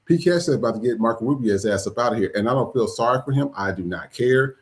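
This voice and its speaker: Blunt, sarcastic man in mid pitch. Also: expressive, fast. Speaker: podcast co-host. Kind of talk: casual podcast talk.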